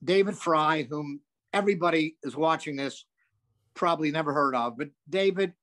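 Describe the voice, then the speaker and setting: An older male comedian spinning long, animated stories in an interview. His voice sits a bit high, and he curses freely and wanders into asides. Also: normal speed. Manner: animated, profane, rambling with asides. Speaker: comedian guest. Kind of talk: anecdotal storytelling.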